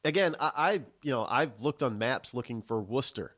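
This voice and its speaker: A man's voice: medium pitch, fairly bright tone. Guy hosting a chatty show, rambles and stalls a lot, um uh restarts. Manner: rambling, halting, many restarts and fillers. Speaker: host. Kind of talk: casual chat.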